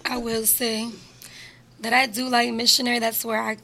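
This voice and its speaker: A woman with a bright, somewhat high voice joining a podcast. She asks frank, direct questions in easy, casual conversation. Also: little pitch movement, moderate pace, gravelly. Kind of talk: casual chat.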